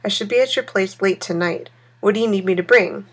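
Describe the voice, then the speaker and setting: Sleepy breathy young guy on the phone, a lady reading him out, bit of vocal fry. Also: medium pitch, a little fast, a bit bright. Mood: friendly. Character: young man, tired friend calling by phone.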